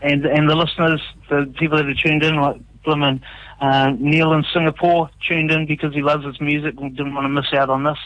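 A man's voice: on the high side, level tone, a little fast, no room sound, highs cut off. A man with a New Zealand accent, a musician guest on a radio show, telling stories openly and earnestly with lots of fillers. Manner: open, earnest storytelling with many fillers. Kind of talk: casual radio interview.

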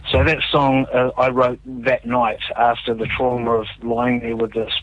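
A New Zealand-accented musician guests on a casual radio interview, speaking at normal speed in a medium-pitched, flat voice. The audio is narrow and tinny with no room sound, and he tells stories openly and earnestly, filling them with lots of fillers.

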